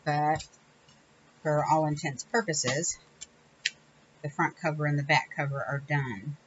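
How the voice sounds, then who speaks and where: On a muffled recording with a faint hiss or hum, a woman with a deep, steady voice takes her time. She's a crafting channel host giving a relaxed tutorial chat, wandering and self-correcting between small laughs.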